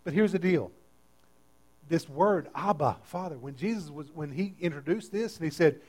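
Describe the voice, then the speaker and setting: A pastor preaching a sermon with great energy, swinging from quiet, tender lines to loud, emphatic ones. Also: male voice, on the high side, lively intonation, normal speed. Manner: dynamic preaching, swinging between soft and loud.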